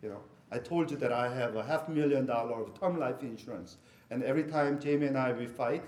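A man's voice: mid-range voice, brisk, darkish tone, a little hiss or hum. Middle-aged man preaching in an echoey room. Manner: conversational, jokey asides with laughter. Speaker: pastor. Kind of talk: sermon.

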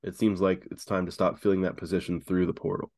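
A man with a very low voice, a bit rough and groggy from the morning and allergies. He talks in an easygoing, hesitant way with plenty of fillers. It sounds like casual podcast banter about college sports. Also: flat delivery, fast, darkish tone. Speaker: podcast co-host.

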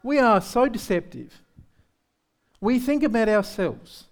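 Soft music plays in the background as a pastor with a very high-pitched male voice preaches at a church service, animated but a little slow. His sermon is candid and conversational, full of self-deprecating humor and rhetorical questions for the congregation.

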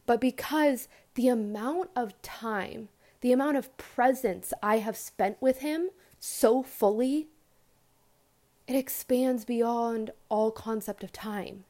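A young woman hosting a podcast, talking earnestly in a rambling casual monologue full of fillers and restarts, with animated quoted asides. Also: a little high, slow pace. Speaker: podcast host.

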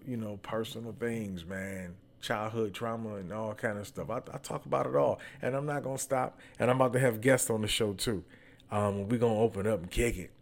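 A man hosting a podcast with a slight lisp from braces, telling stories in a loose, teasing, candid way. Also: medium pitch. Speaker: podcast host. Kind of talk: casual storytelling monologue.

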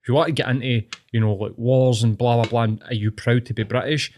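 A young Scottish man chats casually and relaxed but bluntly, airing strong opinions and swearing along the way. His voice is at an ordinary middle pitch, he talks fast, and there's a little hiss or hum.

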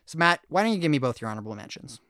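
A man's voice: fairly high pitch, big pitch swings, racing, pushed and bright, no room sound, studio quality. A man co-hosting a podcast, talking casually and laughing easily, often restarting his sentences. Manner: chatty, laughs easily, frequent restarts and fillers. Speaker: podcast co-host. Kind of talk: casual chat.

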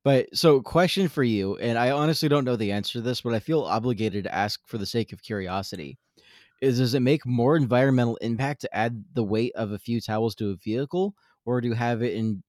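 A man's voice: medium pitch, fairly quick, a little mellow, dry recording, clean studio sound. A man co-hosting a podcast, talking in a wordy, joking way and stammering on his restarts. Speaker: podcast co-host. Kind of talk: casual chat.

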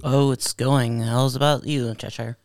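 A man's voice: medium pitch, fairly even intonation, measured pace, creaky, dry recording, clean studio sound. A man co-hosting a casual podcast, joking and self-mocking in banter. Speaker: podcast co-host.

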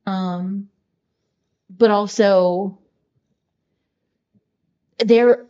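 A woman's voice: mid-range voice, fairly even intonation, extremely slow, warm tone, lo-fi sound. A woman co-hosting a podcast in casual chat, talking in an earnest, heartfelt way with many fillers. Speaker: podcast co-host.

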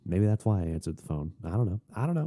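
A young man from Florida, hosting a podcast, tells a rambling, animated story in a casual rant with frequent restarts and asides. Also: low-pitched, fast. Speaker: podcast host. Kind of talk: casual ranting monologue.

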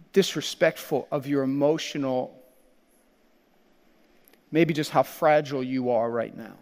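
A man preaching a sermon as pastor, animated, laughing often and acting out quoted lines. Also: a little high, big-room sound.

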